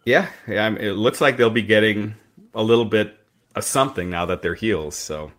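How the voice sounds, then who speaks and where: Male host, deep voice, casual rambling recap. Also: moderate pace, fairly bright tone. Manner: rambling recap with fillers and restarts. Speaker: podcast host recapping wrestling.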